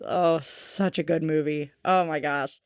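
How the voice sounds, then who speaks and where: A woman co-hosting a podcast, recapping a show in casual chat, animated and swearing freely. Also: sits low, a little slow, smooth, no echo, clean studio sound. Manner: animated, swearing, acts out quotes. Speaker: podcast co-host.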